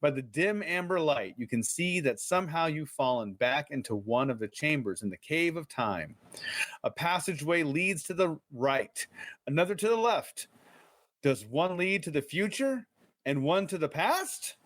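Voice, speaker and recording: A man co-hosting a casual podcast, reading aloud from a kids' book and joking between lines. His voice sits a little high and swings widely in pitch. The recording is close and dry. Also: normal speed, dry recording. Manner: animated, joking, reads aloud with playful asides. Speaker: podcast co-host.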